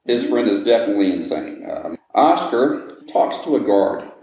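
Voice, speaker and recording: This ghost story teller and guide leads visitors through an old jail indoors, his fairly low, dark voice taking on a sing-song quality at normal speed. He builds the tale dramatically and dwells on its gruesome parts, and his voice echoes around the room.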